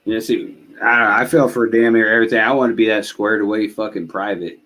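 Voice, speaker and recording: A man with a fairly low voice chats easily among veterans. He jokes and swaps old army pranks in a laid-back way. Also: fairly even intonation, a little fast, fairly bright tone. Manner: laid-back, joking, trades prank stories. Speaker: podcast guest, army veteran. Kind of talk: casual chat.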